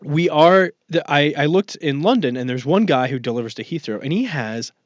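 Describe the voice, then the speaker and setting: A man's voice: fairly high pitch, lively intonation, brisk, no room sound. A man co-hosting a car podcast in casual chat, rambling and restarting his sentences. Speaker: podcast co-host. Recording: dull lo-fi podcast audio.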